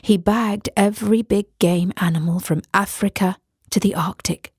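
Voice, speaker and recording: A woman narrating a horror audiobook in a measured way. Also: mid-range voice, steady tone, a little mellow, husky, no room sound, clean studio sound.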